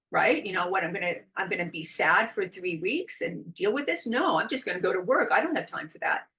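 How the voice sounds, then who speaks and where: A woman talking as a guest in a relaxed interview, expressive and quick to laugh. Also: medium pitch. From California. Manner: expressive, animated, laughs often. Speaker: podcast guest, intuitive guide. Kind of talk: casual interview chat.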